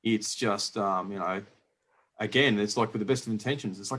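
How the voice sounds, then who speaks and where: A man hosting a casual podcast chat, rambling with lots of restarts and quick laughs. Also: on the low side, fairly bright tone. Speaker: podcast host. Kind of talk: casual conversational interview.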